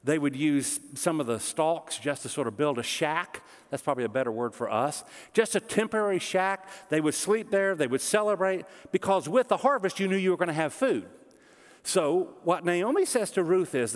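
A man's voice: on the high side, lively intonation, moderate pace, long reverb tail. A middle-aged man preaching a sermon, explaining scripture in a conversational way with touches of humor. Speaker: pastor.

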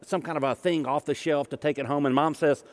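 Male minister, fairly high voice, relaxed storytelling sermon, reverberant hall. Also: a little fast. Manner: storytelling, conversational with humor.

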